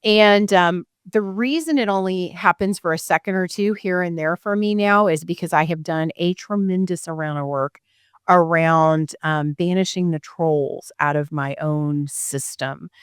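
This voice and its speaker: A woman's voice: on the low side, measured pace, smooth, dry recording, studio quality. Chatty Missouri-accented woman podcast host. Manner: chatty, rambling, laughs easily. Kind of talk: casual podcast chat.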